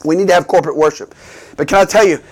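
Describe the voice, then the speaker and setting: A man's voice: a little high, rapid-fire. A man preaching a sermon in call-and-response style, building to emphatic bursts.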